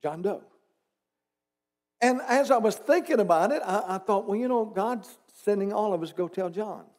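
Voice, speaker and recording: High-voiced preaching man. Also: lively intonation, moderate pace, a little mellow. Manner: conversational preaching with rhetorical questions and teasing asides. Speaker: pastor. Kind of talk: sermon. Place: church.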